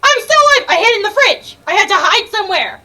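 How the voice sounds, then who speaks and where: A young woman narrates her gameplay in a very high, bright voice that leaps all over the place. She is excitable and swears freely, breaking into yells and laughter as she plays. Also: quick pace. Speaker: gaming video creator. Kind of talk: let's-play gameplay commentary.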